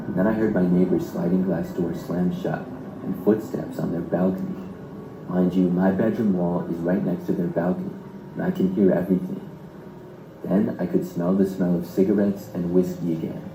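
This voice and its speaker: A man narrating a scripted first-person horror story in a steady, even delivery. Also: low-pitched, noisy background. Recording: roomy echo.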